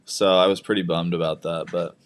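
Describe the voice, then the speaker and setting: A young man chats loosely through a home livestream in a fairly low voice, cracking jokes and reading out viewer comments as they come in. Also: flat delivery, fairly quick. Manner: jokey, reads viewer comments aloud. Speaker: livestream co-host, new father. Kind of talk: casual livestream chat.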